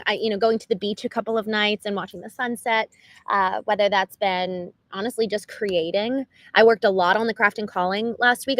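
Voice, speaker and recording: A woman hosting a livestream, talking unscripted in an earnest, animated way, with lots of "like" and quick restarts. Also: fairly high pitch, dry recording, poor audio. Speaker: livestream host. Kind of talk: unscripted reflective monologue.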